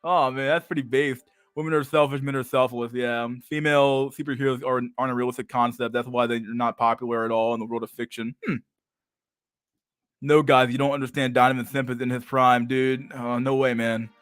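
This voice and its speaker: A man's voice: mid-range voice, fairly even intonation, a little fast, a bit bright, clean tone, no room sound, studio quality. A man streaming a casual rant and reacting to chat, cursing freely, laughing often and stumbling over repeated words. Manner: profane, stammering repetitions, frequent laughter.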